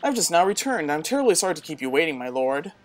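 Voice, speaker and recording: Donna che fa una vecchia strega servile e smorfiosa. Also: female voice, very animated, fast talker, soft background music. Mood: simpering. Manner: simpering, overly polite, pitched up. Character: fussy old female turtle witch servant.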